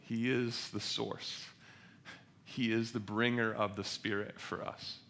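A man preaching a sermon with passion, rising loud on quoted scripture and falling soft and intimate between. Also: fairly low pitch, level tone, slow, slight background noise. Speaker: pastor.

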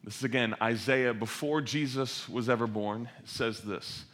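A man preaching a sermon with passion, rising loud on quoted scripture and falling soft and intimate between. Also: mid-range voice, moderate pace, few pauses. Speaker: pastor.

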